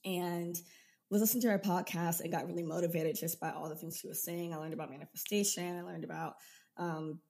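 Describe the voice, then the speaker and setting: A woman in her twenties speaks in a somewhat low register as a podcast guest. She tells her story with energy and laughs often. It sounds like a casual, personal interview. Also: steady tone, brisk, darkish tone. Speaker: podcast guest, business coach.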